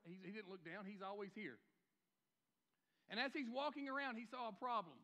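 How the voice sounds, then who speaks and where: A pastor delivering a sermon in a church, his voice bright and forceful. He preaches with emphasis, rising to loud exhortation and dropping low. He often stumbles and repeats words as he goes. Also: a little fast. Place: church sanctuary.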